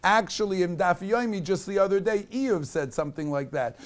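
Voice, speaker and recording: A man's voice: sits high, fairly quick. A man teaching a Torah class in a synagogue study hall. He reads Hebrew text aloud, then explains it in English with rhetorical questions. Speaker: rabbi teaching a weekly class. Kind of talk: Torah lecture.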